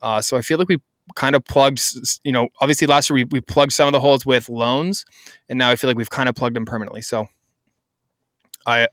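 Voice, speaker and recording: Guy cohosting a podcast, smooth clear voice, rambly and excited, dry close mic. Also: medium pitch, fairly quick, no room sound. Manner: chatty, enthusiastic, rambling with restarts. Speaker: podcast co-host. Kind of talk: casual chat.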